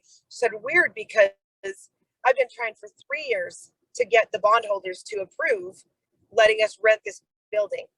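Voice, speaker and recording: A woman's voice: on the high side, vocal fry, husky, no echo, rough recording. A middle-aged woman on a video call, casually telling a personal story, acting out the dialogue and saying "like" a lot. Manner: animated storyteller who acts out quoted dialogue; fillers like "like". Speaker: program member sharing a story.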